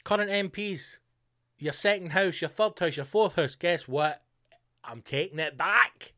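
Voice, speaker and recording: A man's voice: high voice, a little slow, sharp tone, no room sound, clean studio sound. A man hosting a solo podcast, ranting with lots of swearing and sarcastic asides. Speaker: podcast host.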